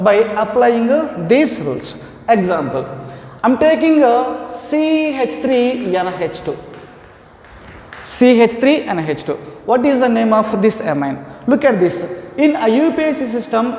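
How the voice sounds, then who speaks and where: High-voiced Indian man lecturing in an echoey classroom. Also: a little mellow. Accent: Indian English. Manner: slow, repetitive explanation with many fillers. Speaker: chemistry lecturer. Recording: echoey classroom with long reverb.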